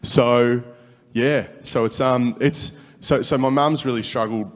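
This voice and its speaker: An Australian man answering a question in a halting, casual way, with many fillers. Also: medium pitch, steady tone, in a large hall. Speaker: audience member.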